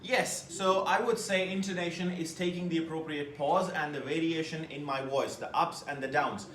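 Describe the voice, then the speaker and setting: A man teaching a test-prep class, lecturing with lively emphasis and putting questions to his students. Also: a little high, moderate pace, reverberant, slight background noise.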